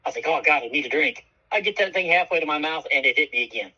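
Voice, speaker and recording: A man co-hosting a radio show tells a story with a bright, edgy, slightly husky voice, cursing freely and acting out each person he quotes. The broadcast sound is dull and muffled. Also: fairly high pitch, quick pace. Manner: animated, profane, acts out quoted voices. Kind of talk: casual storytelling chat.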